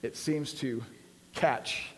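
A man preaching a sermon, casual and full of fillers, then building to emphatic peaks. His voice sits at an ordinary middle pitch. A long reverb trails behind him, as in a church hall. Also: steady tone, very slow.

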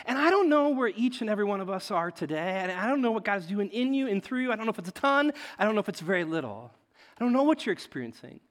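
Male pastor, lively and animated delivery, somewhat high voice, long hall echo. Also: fast. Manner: animated, self-deprecating, keeps asking "right?". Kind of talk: sermon.

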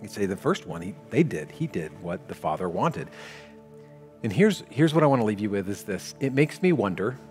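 A man preaching a sermon as pastor, talking in a conversational, animated way. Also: fairly low pitch, moderate pace. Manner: conversational, animated, shifts into quoted voices. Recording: long hall reverb, faint music.

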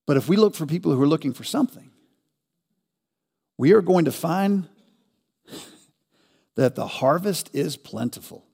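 A man preaching a sermon as pastor, asking rhetorical questions and building to loud, emphatic peaks. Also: fairly high pitch, animated, measured pace, vocal fry, pauses often, husky, long reverb tail.

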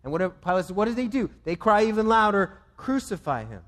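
A man preaching a sermon, swinging between loud emphatic lines and low, quiet ones. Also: fast talker, big-room sound. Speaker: pastor.

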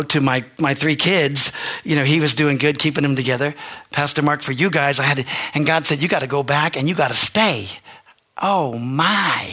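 An older man, a pastor, preaching an earnest, emotional sermon that swings from quiet to shouting. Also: fairly high pitch.

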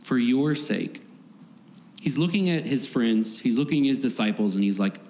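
A man's voice: medium pitch, animated, normal speed, a little mellow. A man giving a conversational sermon, often laughing and acting out voices from the story. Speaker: preacher. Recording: faint background noise, long hall reverb.

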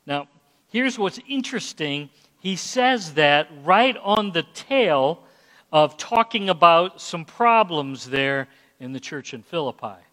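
A man with a high voice preaching at an unhurried pace. He talks earnestly and repeats words as he works through his points. His voice rings out with a long echo. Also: lively intonation, a bit bright. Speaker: pastor. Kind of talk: sermon.

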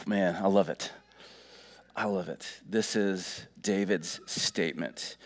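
A man's voice: sits low, measured pace. A middle-aged man preaching a sermon in a folksy, earnest way, full of fillers. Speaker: pastor.

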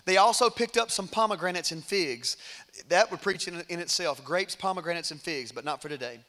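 A male preacher with a high, bright voice tells a story in a sermon. He swings from hushed passages to loud, vivid ones. His delivery stays dramatic throughout. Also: brisk.

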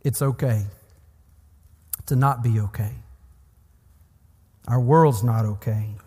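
A man's voice: medium pitch, takes it slowly, warm tone, breathy edge. A man preaching a sermon in an earnest, pastoral way, building emphasis through repeated phrases. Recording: long hall reverb.

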